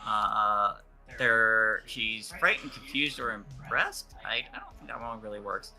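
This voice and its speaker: A man narrating as game master, halting and full of fillers and restarts. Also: lowish voice, steady tone, pushed and bright.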